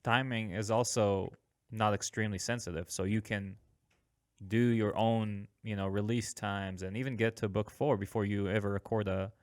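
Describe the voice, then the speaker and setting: A man's voice: fairly low pitch, steady tone, moderate pace, darkish tone, no room sound, clean studio sound. A man hosting a podcast, talking earnestly with many hesitations and frequent laughs. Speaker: podcast host. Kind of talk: casual podcast chat.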